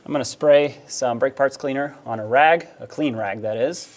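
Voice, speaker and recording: Speaking at an ordinary pace in a mid-range voice, a man talks viewers through fixing a car, keeping it practical and step-by-step and dropping in casual filler words as he instructs.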